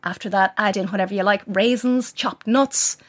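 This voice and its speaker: A middle-aged woman, chatting practically as a cookbook author guest and sharing quick cooking tips. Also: medium pitch. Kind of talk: casual cooking chat.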